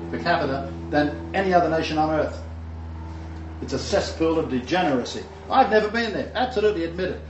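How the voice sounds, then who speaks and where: A slightly high-voiced man preaches, reading scripture with fervent emphasis and scornful side comments. Slight background noise sits in a roomy, distant, dull recording with faint ambience.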